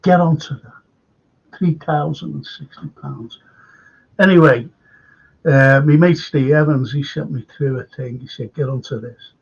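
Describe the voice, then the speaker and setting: A man hosting a live football fan show, rambling and indignant, with a gravelly voice on dull lo-fi audio. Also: fairly high pitch, measured pace, long pauses. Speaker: football podcast host. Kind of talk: live-streamed fan chat.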